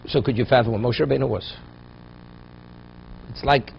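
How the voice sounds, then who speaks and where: A man's voice: mid-range voice, lively intonation, quick pace, vocal fry, long pauses, slightly rough, muffled recording. A man giving a Torah class, telling a story and building to emphatic points. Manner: storytelling, rising to emphatic peaks. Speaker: Torah teacher.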